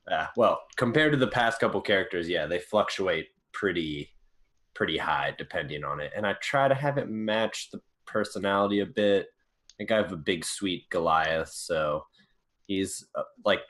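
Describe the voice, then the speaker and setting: A man guest talking thoughtfully about his game voices, slow and full of fillers. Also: sits low, a bit bright. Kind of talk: casual chat.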